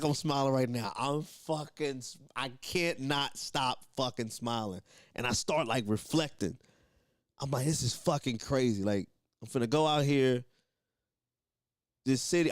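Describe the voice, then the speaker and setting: A man's voice: medium pitch, clean tone, no echo, studio quality. A young man, a comedian, telling a story in a loose, profane way and laughing often. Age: young adult. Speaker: comedian guest. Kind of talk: casual storytelling.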